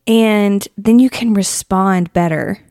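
A woman's voice: medium pitch, slow, darkish tone, no echo, clean studio sound. Earnest laughing woman podcast host. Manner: earnest, laughs often, acts out quoted prayers. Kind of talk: casual faith podcast chat.

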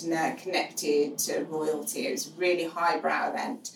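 A middle-aged woman, a guest on the show, telling her experience frankly and finding humour in dark moments. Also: deep voice, flat delivery, normal speed, gravelly, few pauses. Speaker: guest, charity co-founder. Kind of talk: candid storytelling in conversation. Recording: roomy, distant mic with faint noise.

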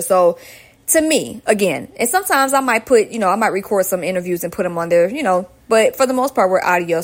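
A woman hosting a solo podcast in a casual, chatty way, reading out a list of places with quick asides to her listeners. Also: mid-range voice. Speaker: podcast host.

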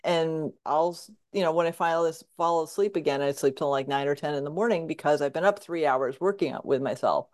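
A woman hosting a conversational podcast, her voice lower than most. She listens closely, then jumps in eagerly to share her own experiences in a casual way. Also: fairly quick, hardly any pauses, darkish tone. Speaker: podcast host.

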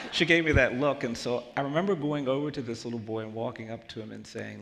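A man speaking as a guest lawyer at a public event, telling a personal story in an earnest, slow way that drops to a hush. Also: mid-range voice, creaky, big-room sound. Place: large event hall.

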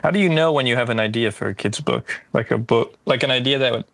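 A man's voice: mid-range voice, fast talker, vocal fry, fairly bright tone. A man hosting an arts podcast, asking questions in an easygoing, slightly rambling way. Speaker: podcast host. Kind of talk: casual interview questions.

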